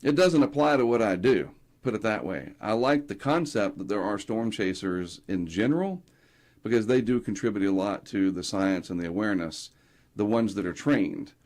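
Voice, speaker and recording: Lower-voiced middle-aged man telling stories. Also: moderate pace. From North Carolina. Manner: animated anecdotes, acting out quotes. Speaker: guest, hurricane tracker. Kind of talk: casual storytelling interview.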